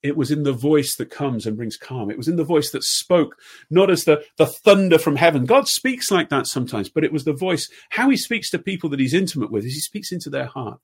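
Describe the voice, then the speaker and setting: Husky fifty-year-old man preaching. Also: fairly high pitch, expressive, fairly quick. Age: 50s. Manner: earnest, repeats questions, drops to soft tones at times. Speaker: pastor. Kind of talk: sermon.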